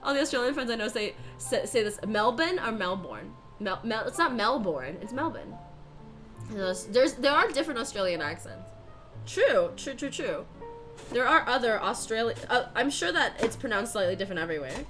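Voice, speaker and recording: A woman's voice: on the high side, lively intonation, a little fast, music in the background. A young woman chatting casually on a live stream as she bakes, swearing and laughing often and sounding out words over and over. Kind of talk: casual live-stream chat while baking.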